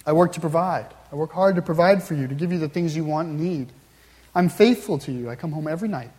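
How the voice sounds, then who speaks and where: A man's voice: on the high side, fast talker, a little mellow, natural voice. A man in a sermon, voicing a dutiful husband who gets defensive and exasperated when asked about love. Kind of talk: acted quote within a sermon. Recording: long hall reverb.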